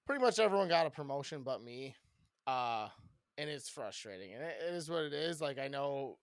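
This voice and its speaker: A man co-hosting a podcast, venting about work in loud, rambling, profane casual chat. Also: medium pitch, lively intonation, brisk, clean tone, dry recording, clean studio sound. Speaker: podcast co-host.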